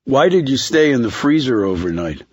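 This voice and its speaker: A terse, probing detective, as a male narrator voices him, questioning in a level, even tone. The sound is dry and close, mid-pitched. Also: normal speed, no room sound, dull audio.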